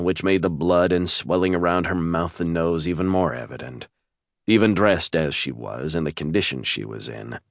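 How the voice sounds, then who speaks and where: A man narrating a romance audiobook in a measured, steady storytelling voice, recorded close to a studio mic. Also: low-pitched, no echo.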